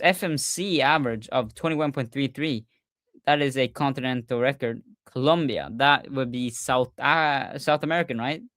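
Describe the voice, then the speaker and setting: Excitable man hosting a casual podcast. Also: mid-range voice, dry recording, studio quality. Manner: excitable, many fillers and restarts. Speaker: podcast host. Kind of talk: casual livestream recap.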